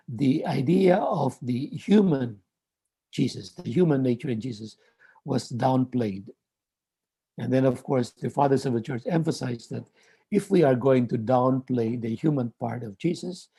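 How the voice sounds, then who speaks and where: A man lecturing on theology in a measured way, often repeating words and restarting phrases. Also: medium pitch, mellow, slightly rough.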